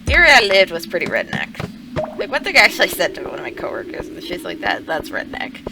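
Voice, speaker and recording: Streaming from home, a woman tells meandering stories over a farming game, cursing casually and laughing a lot while game music plays underneath. Her lowish voice has vocal fry, moves quickly, and swoops wildly in pitch.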